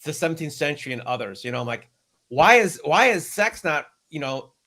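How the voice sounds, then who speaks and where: An American man, a guest in a casual chat, animated and quick to laugh and joke. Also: a little high. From United States.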